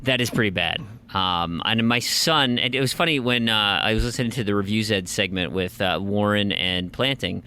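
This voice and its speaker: A man's voice: on the low side, moderate pace, hardly any pauses, clear, resonant tone. A man in his thirties, co-hosting a casual podcast and acting out the quotes in his stories. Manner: animated storyteller, acts out quotes. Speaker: podcast co-host. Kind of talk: casual chat.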